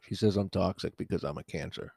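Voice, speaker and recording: Gravelly, grumpy deadpan man. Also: deep voice, a little fast, dry recording, clean studio sound. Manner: grumpy, deadpan, swears a lot. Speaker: podcast co-host. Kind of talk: casual podcast banter.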